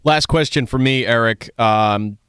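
A man's voice: mid-range voice, measured pace, fairly bright tone, clear, resonant tone, no echo, clean studio sound. A man with a Boston accent co-hosting a sports radio show, asking casual, friendly questions. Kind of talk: radio interview and banter.

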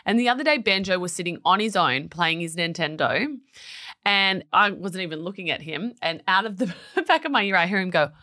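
A woman co-hosting a casual podcast chat, telling animated stories and acting out her kids' voices. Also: fairly low pitch, fairly quick. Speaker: podcast co-host.

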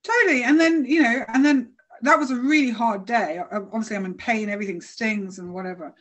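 A British woman speaking as a guest, telling stories in a lively, self-mocking way with frequent restarts. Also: a little high, fairly quick. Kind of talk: casual storytelling.

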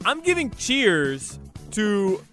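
Bright, high-voiced young male producer. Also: huge pitch swings, very slow, faint music behind. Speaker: radio producer. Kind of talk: sports radio banter.

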